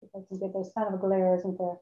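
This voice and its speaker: A woman's voice: mid-range voice, completely flat delivery, fast, dark tone. Candid woman telling her story, echoey. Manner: candid, emotional, repeats phrases for emphasis. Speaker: speaker sharing her recovery story. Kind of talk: personal testimony talk. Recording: echoey, dull lo-fi room recording.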